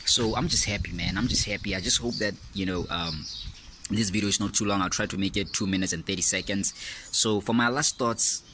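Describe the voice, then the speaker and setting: A man giving an excited fan review of a football match, laughing often and repeating himself as he gets carried away. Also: fairly low pitch, brisk, background noise.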